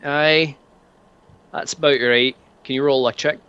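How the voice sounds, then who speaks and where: A man's voice: medium pitch, steady tone, a little slow, sharp tone, clean tone, dull audio, pitched above the performer's own voice. A man voicing a menacing, one-toothed male thug who threatens people and calls them lad. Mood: commanding.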